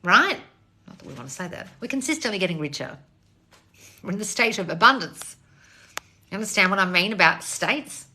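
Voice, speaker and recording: A woman's voice: medium pitch, sing-song, fairly quick, pauses often, sharp tone. A woman coach on a live stream answering chat questions, blunt and sarcastic, swearing freely. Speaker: manifestation coach.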